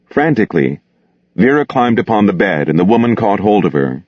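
Low, expressive male audiobook narrator. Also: moderate pace, no echo, lo-fi sound.

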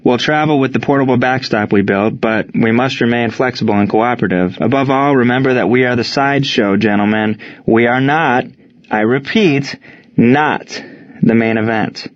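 A composed male wartime baseball coach, read by a man, speaks in plain, measured sentences meant to steady his players. The voice sits at an everyday middle pitch. The recording is slightly dull and lo-fi. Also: close to an everyday voice. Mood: calm.

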